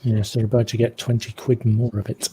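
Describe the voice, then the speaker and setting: A man playing a tabletop game in character as a reserved British gentleman, stammering and flustered. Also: mid-range voice, flat delivery, fairly quick, slight background noise. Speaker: player. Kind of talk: in-character roleplay.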